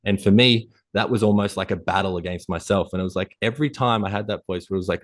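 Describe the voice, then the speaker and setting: Male coach guest, rapid-fire delivery, low voice, intense motivational style with swearing. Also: dry recording. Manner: fast, intense motivational talk, casual swearing. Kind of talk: conversational interview.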